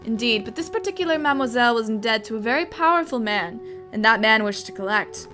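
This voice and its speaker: A woman voicing a scheming male fox con man posing as a prince, smooth and theatrical. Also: fairly high pitch, animated, fast, over music, close to an everyday voice. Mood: storytelling. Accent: put-on Spanish accent.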